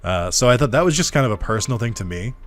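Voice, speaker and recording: A man's voice: mid-range voice, animated, very fast. A man hosting a let's play, chatting casually and rambling with self-deprecating asides while he plays. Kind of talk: casual gameplay commentary.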